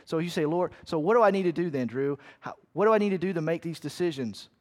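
A man preaching a sermon as a pastor, emphatic, building to loud peaks and acting out shouted asides. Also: on the high side, animated, quick pace.

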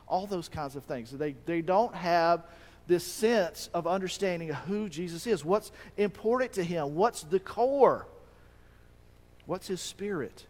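A man preaching a sermon as pastor, animated, acting out quoted voices with a rising pitch. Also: a little slow. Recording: long reverb of a hall.

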